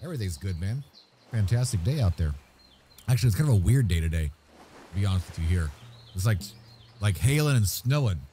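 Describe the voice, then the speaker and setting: A man's voice: mid-range voice, a little mellow, a little hiss or hum. A man hosting a live game stream, cheerfully greeting viewers and reading chat messages aloud.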